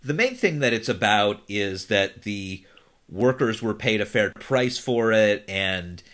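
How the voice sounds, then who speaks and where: Male host, fairly low voice, affirming, long-winded questions. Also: lively intonation, unhurried, a bit bright. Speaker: podcast host. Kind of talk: podcast interview.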